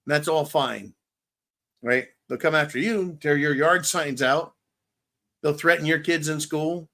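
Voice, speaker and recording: Man, live-stream host, fairly high voice, blunt, profane, ranting, a bit tongue-tied and tipsy. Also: unhurried, sharp tone. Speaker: livestream host. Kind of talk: casual live-stream monologue.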